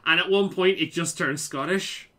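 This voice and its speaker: A man's voice: sits high, normal speed, pushed and bright. A young man from Liverpool with a mild Scouse accent and a slight American twang, rambling and swearing casually while he plays a game. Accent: mild Scouse with some American twang. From Liverpool, England. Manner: rambling, sweary, self-mocking. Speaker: gaming video creator.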